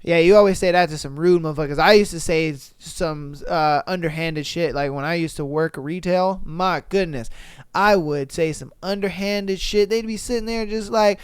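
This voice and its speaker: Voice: medium pitch, moderate pace, smooth, dry recording, clean studio sound. A podcast host reads online posts aloud and reacts with slang, swearing and laughter. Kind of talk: casual reaction commentary reading online posts.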